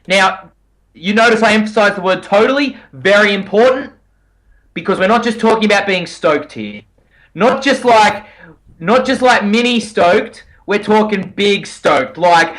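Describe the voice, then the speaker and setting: A man co-hosting a casual podcast over a call, energetic and playful, teasing his co-host. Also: sits high, measured pace, rough recording.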